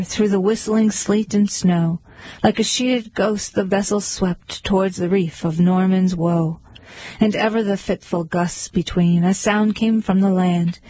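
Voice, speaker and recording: A woman reciting poems aloud in a rhythmic, measured way. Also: mid-range voice, warm tone, slightly rough, no echo, rough recording. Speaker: poetry reader. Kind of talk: recited poetry reading.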